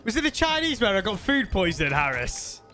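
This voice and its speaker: A man's voice: high-pitched, very animated, brisk, bright, forceful tone, soft background music. A man streaming a game, chatting to his viewers in a rambling way and laughing as he tells stories. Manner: rambling, laughing storyteller talking to chat. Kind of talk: casual live-stream chat.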